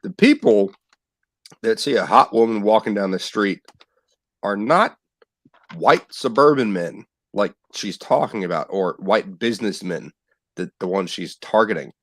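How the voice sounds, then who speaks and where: A man hosting a casual livestream, ranting in an animated way. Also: on the low side, a little slow, no echo, clean studio sound. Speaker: livestream host.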